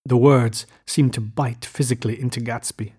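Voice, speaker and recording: A man narrating a classic novel aloud in a measured, expressive reading. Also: medium pitch, breathy edge.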